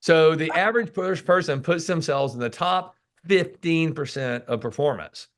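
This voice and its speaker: A sales author appears as a guest on a casual podcast interview, his voice a little high and at normal speed. An animated storyteller, he acts out what people say to him, sounding emphatic and preachy and repeating key words.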